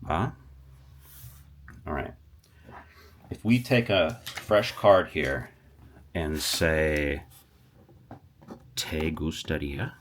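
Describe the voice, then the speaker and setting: A man teaching a casual language lesson, animated, talking straight to viewers and often stopping to restart. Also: a bass voice, very slow, long pauses, slight background noise. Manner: animated, talks to viewers, stops and restarts a lot. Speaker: Spanish teacher.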